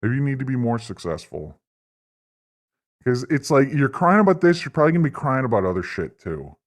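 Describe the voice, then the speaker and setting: A man's voice: mid-range voice, big pitch swings, brisk. A man hosting a livestream, delivering a profane, rambling, mock-earnest political rant. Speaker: livestream host. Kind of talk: satirical political stream rant.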